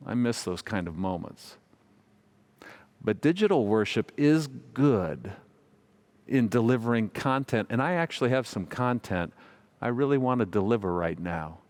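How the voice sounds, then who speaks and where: Man, pastor, sermon, humorous storytelling, self-mocking, mid-pitched voice. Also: lively intonation, unhurried. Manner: warm humorous storytelling, gentle self-mockery.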